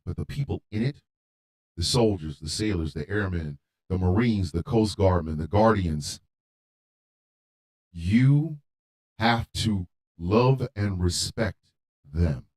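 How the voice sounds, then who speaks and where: Lower-pitched man ranting on radio. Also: lively intonation, slow pace, pauses often. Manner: emphatic, repeats lines for force; rants, at times shouting. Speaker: radio show host. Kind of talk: heated radio talk monologue.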